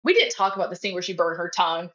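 A woman's voice: lowish voice, expressive, racing, fairly bright tone, muffled recording. A woman guest co-hosting a casual podcast chat, swearing freely and acting out film lines in put-on voices. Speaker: guest co-host.

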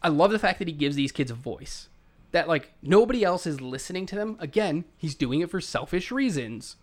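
Casual podcast co-host, male, slightly higher voice, retells film scenes with quick acted-out quotes. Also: lively intonation. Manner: recounts scenes, quoting characters in quick bursts. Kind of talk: casual movie discussion.

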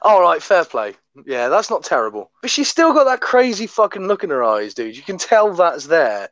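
Man from oklahoma, sweary true-crime co-host, lively pitch, slightly high, dull dry sound. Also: normal speed, no room sound. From Oklahoma, USA. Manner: sweary, laughing, animated. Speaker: podcast co-host. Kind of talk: casual true-crime chat.

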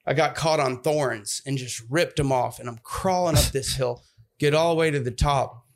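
A young man telling a story in casual chat, acting out other people's voices with big jumps in pitch. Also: normal speed.

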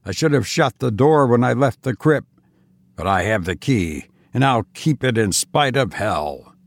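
A man's voice: fairly low pitch, animated, a little slow, no echo, voice pushed down. A man doing a half-mad, obsessed explorer. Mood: muttering. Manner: harsh, brooding, raving.

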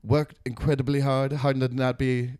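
Brief: man doing a beaten-down veteran boxer, halting deadpan delivery, smooth resonant voice, dry close sound. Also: mid-range voice, no room sound, close to an everyday voice. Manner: hesitant, many filler pauses, deadpan. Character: washed-up aging male boxer, meek and self-deprecating. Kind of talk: improvised comedy interview in character.

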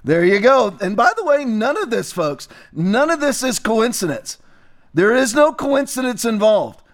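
A man's voice: extremely high pitch, big pitch swings, unhurried. A man hosting a political commentary show, talking emphatically and repeating phrases for stress.

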